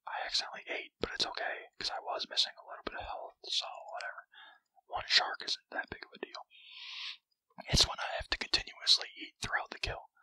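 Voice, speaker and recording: A man's voice: fairly quick, pushed and bright, no echo, low-quality recording. A man doing whispered role-play as a greedy, grumpy male cartoon crab, commenting on his gameplay with foul-mouthed, rambling, self-mocking chatter. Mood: grumbling. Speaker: gaming commentator.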